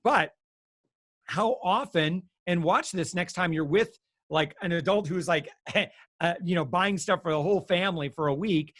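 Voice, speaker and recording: At a moderate pace, an American man with a higher-than-usual male pitch explains things casually as a guest consumer expert. He's animated and chatty, full of fillers and restarts, and acts out what people say. The recording is dry and close, carrying no room sound.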